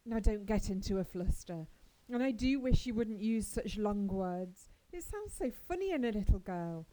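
A woman voicing a stern, practical older woman who scolds briskly in a storybook reading. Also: medium pitch, expressive, warm tone, no room sound, close to an everyday voice, low-quality recording. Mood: brisk scolding.

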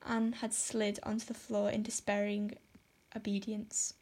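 A woman narrating a classic novel in steady, measured storytelling. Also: mid-range voice. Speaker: audiobook narrator. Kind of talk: scripted narration.

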